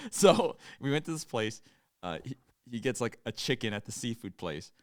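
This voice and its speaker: A young man co-hosting a podcast, telling stories in casual chat and loudly acting out what people said. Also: medium pitch, measured pace, dry recording, clean studio sound. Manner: animated storytelling, acts out quotes loudly. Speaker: podcast co-host.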